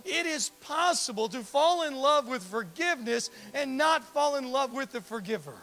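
A man preaching a sermon as pastor, animated, acting out dialogue and asking the congregation direct questions. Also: extremely high pitch, moderate pace.

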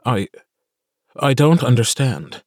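A man's voice: medium pitch, big pitch swings, takes it slowly, dry recording, studio quality. A man voicing a guarded young nobleman. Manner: formal, guarded speech.

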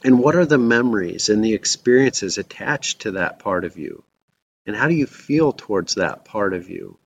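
A man with a low voice preaches a sermon, thoughtful and unhurried. The sound is a little dull and lo-fi. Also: animated, slight background noise. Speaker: pastor.

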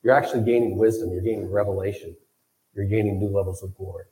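Low, mellow-voiced man preaching haltingly. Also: fairly even intonation, rough recording. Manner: halting, repeats words as he thinks. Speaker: pastor. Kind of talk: sermon.

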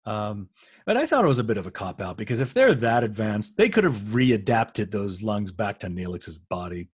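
A man's voice: on the low side, sing-song, normal speed, slightly rough. A middle-aged man co-hosting a podcast, chatty and agreeable as he recalls an episode. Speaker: podcast co-host. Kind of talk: casual rewatch discussion.

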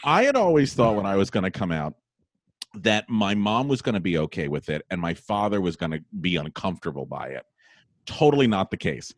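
A man hosting a podcast, telling stories in a rambling, animated way and laughing often. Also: deep voice, a little fast, no echo, studio quality. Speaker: podcast host. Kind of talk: casual storytelling chat.

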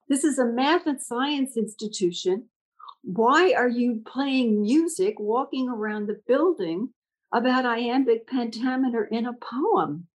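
An older woman who heads a school speaks in a fairly high voice over poor-quality audio. She tells stories in a reflective conversation, animatedly acting out the dialogue in her anecdotes.

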